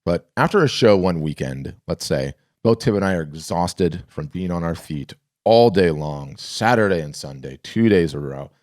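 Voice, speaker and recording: A man hosting a podcast, talking casually with frequent restarts and animated storytelling. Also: low-pitched, normal speed, no echo, clean studio sound. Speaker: podcast host. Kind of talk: casual solo podcast talk.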